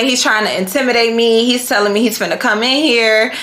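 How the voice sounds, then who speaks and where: A young woman vlogger telling a story in a casual, animated way, full of slang and swearing. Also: fairly high pitch, a little fast, few pauses. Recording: echoey room.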